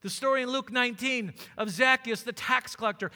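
High, bright-voiced preacher in a hall. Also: male voice, a little fast. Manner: preaching with rising fervor, acting out Bible scenes. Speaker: pastor. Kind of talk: sermon.

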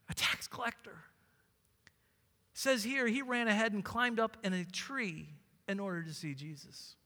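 Pastor, male, fervent preacher acting out scripture, very high pitch, echoing hall. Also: moderate pace, bright, forceful tone. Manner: preaching with rising fervor, acting out Bible scenes. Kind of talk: sermon.

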